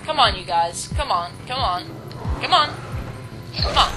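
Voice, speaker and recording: A woman's voice: mid-range voice, animated, a little slow, pauses often, poor audio. A woman giving rambling, self-deprecating let's play commentary while she plays a game. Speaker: gamer. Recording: game music underneath.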